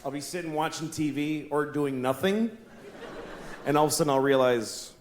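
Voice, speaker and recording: A man's voice: fairly high pitch, normal speed. A man in his forties performing a stand-up comedy routine in a wry, rambling, self-mocking way. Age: 40s. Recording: echoey room with noise.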